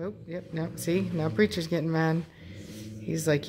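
Woman dog breeder, casual home vlog narration, slightly low pitch, amused and chatty. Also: steady tone, measured pace, crowd noise. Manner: chatty, amused, laughs often. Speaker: dog breeder filming her dogs. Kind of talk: casual running commentary. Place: home with dogs playing nearby.

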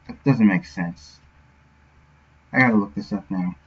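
A man with a lowish, husky voice talks unhurriedly while streaming his game development. He mutters to himself and sounds out words, thinking aloud as he works, captured in dull, lo-fi sound.

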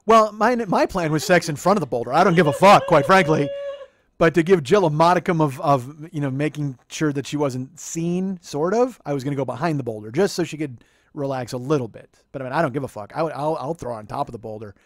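A man in his fifties telling a funny story in a profane, animated way, laughing as he goes. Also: on the high side, fast, no echo, clean studio sound. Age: 50s. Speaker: podcast host. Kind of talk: comedic storytelling monologue.

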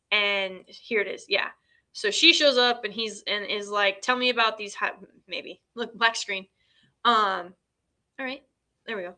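Chatty woman with a bright voice. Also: mid-range voice, a little slow. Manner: chatty, filler-heavy, retells scenes in quoted dialogue. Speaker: host. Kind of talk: casual film recap.

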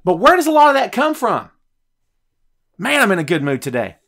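A man's voice: high-pitched, a little fast, gravelly. Fired-up man ranting about wrestling. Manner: animated, fired-up ranting, swings loud and soft. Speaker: podcast host reading live chat. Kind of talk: heated wrestling rant.

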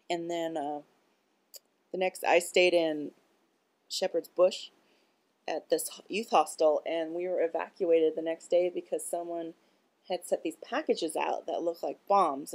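A woman's voice: low-pitched, gravelly, a little mellow. A woman talking in a rambling, casual monologue. She is blunt and profane, and she leans on filler words as she goes. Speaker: vlogger.

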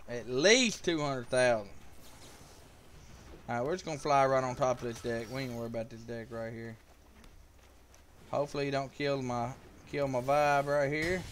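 A man's voice: mid-range voice, steady tone, normal speed, pauses often, a bit bright, slight background noise. A man giving casual live gameplay commentary, joking with viewers and calling out their names. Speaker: live streamer.

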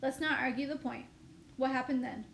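A woman's voice: high voice, normal speed, vocal fry, a bit bright. A woman reading as a probing male minister. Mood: calming. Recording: echoey room, faint noise.

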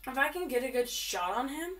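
An excitable woman chatting through a game as she plays, often repeating words in quick bursts. Her voice is fairly high and swoops up and down a lot. She sits back from the mic, with faint game music underneath. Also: far from the mic. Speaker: gamer. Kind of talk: live game commentary.

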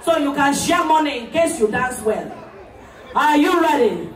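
A woman, the MC at a party, telling a story loudly and playfully with lots of laughter. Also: sits high, animated, a little slow. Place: large party hall. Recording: echoey hall from far off, crowd.

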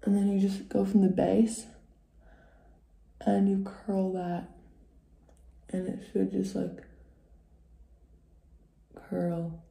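A woman's voice: medium pitch, level tone, slow pace, creaky, pauses often, warm tone. A woman chatting casually through a makeup tutorial at home, joking and often dropping to a whisper. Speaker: beauty vlogger. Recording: echoey room.

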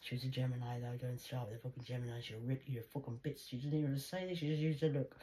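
Low-voiced rambling, swearing woman. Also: steady tone, fast, warm tone. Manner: chatty, rambling, swears freely, jokey asides. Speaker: vlogger. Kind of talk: rambling personal monologue.

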